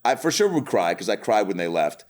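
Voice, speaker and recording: A man in his thirties from the Seattle area, a comedian guest telling animated, profane stories in casual chat. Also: on the low side, brisk.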